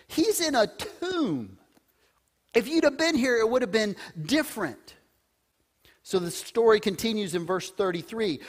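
A woman preaching a sermon, telling a scripture story with animated delivery and dropping to a hushed voice for solemn verses. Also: on the low side.

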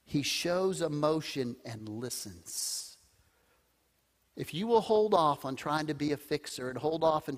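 A woman preaching a sermon. Her pitch swings widely as she tells the story, and she sinks to a hushed tone for solemn lines. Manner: animated storytelling, drops to a hushed voice for solemn verses.

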